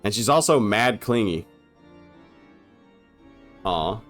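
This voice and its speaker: A man's voice: lowish voice, expressive, takes it slowly, fairly bright tone, soft background music. A young man giving casual, comedic commentary over an old film, irreverent and profane, laughing often.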